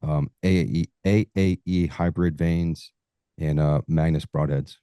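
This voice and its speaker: A man's voice: rumbling low, fairly even intonation, a little slow, warm tone, smooth, no echo, clean studio sound. A man, a hunting podcast host, chatting casually as a guest and swearing freely while acting out stories. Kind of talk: casual interview chat.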